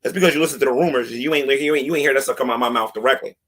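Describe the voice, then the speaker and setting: A man's voice: medium pitch, racing, fairly bright tone. A man streaming a ranting monologue, confrontational and mocking toward his critics.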